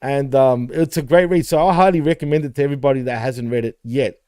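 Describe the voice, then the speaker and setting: A man's voice: medium pitch, quick pace, warm tone, dry recording, studio quality. A man co-hosting a wrestling podcast in casual chat, laughing often and swearing freely. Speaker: podcast co-host.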